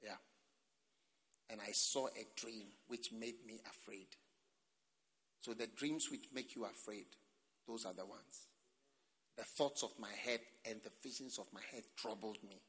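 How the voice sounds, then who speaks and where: A man preaching a sermon in a bright, forceful voice. He moves from calm scripture reading to loud, dramatic outbursts. His words ring out with the long reverb of a large hall. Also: on the low side, measured pace, long pauses. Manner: dramatic, swings between quiet reading and loud exclamations. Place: large hall at a church camp.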